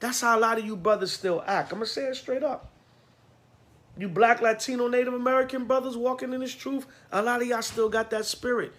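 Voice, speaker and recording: Brief: male preacher, high bright voice, emphatic and blunt, streetwise sermon. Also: fairly even intonation, fairly quick. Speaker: priest.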